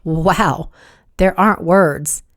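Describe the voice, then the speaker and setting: A woman's voice: on the low side, slow, fairly bright tone, no echo, studio quality. A woman voicing a feisty young heroine who speaks directly in an audiobook. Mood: curious.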